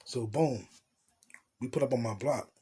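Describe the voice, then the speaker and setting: Husky man telling a slangy story. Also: medium pitch, measured pace, dark tone. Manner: loose, slangy, profane street talk. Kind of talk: casual storytime monologue.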